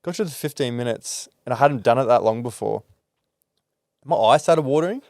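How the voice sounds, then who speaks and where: A man's voice: mid-range voice, lively intonation, a little fast, darkish tone, dry recording, studio quality. A man hosting a podcast, talking openly and reflectively about emotional experiences in a loose conversational way. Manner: candid and reflective, with frequent fillers and restarts. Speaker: podcast host.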